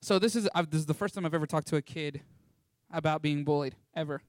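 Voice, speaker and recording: A young man tells a story to an audience in an animated, playful way, switching into the voices of the people he describes. His voice sits slightly high for a man. The sound is dry and close, with little room reflection. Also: fast talker, no room sound. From Texas. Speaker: ministry school student sharing a testimony.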